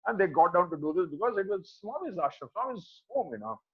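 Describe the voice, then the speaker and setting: Animated Telugu-accented Indian man storyteller. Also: sits high, fairly quick, breathy edge, muffled recording. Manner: animated, acts out the voices of people he quotes. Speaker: devotee sharing memories at a satsang. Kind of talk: storytelling talk.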